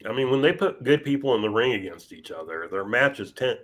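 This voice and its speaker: A man co-hosting a podcast in casual chat, talking in a measured, wry and dryly sarcastic way. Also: medium pitch, animated. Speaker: podcast co-host.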